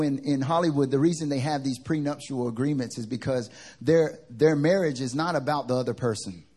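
A man's voice: mid-range voice, darkish tone. A man preaching a sermon at a church service. He tells stories in a conversational way that builds to fervent preaching.

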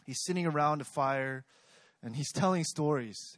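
A man's voice: fairly high pitch, moderate pace, no room sound. A young man preaching a sermon in a conversational way, often asking the congregation questions. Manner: conversational, asks the audience questions.

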